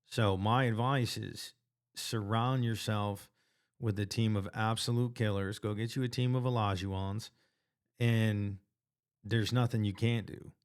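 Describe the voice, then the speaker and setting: A man's voice: on the low side, steady tone, unhurried, clean tone. A man vlogging about his weight-loss progress in an earnest, casual motivational monologue, full of slang and restarts.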